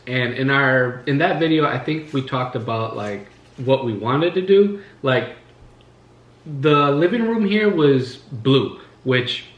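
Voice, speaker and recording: A man's voice: medium pitch, lo-fi sound. A man hosting a casual chat at home while eating, telling stories in a rambling way with lots of fillers. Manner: rambling, filler-heavy storytelling. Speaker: host. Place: living room at home. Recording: echoey room, faint music.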